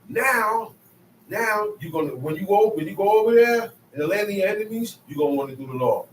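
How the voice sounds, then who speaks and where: A Bible teacher with a high-sitting voice speaks fairly quickly with lively intonation, slight background noise audible. He teaches scripture in an emphatic, conversational style, often repeating phrases, recorded in an echoey room with a distant mic.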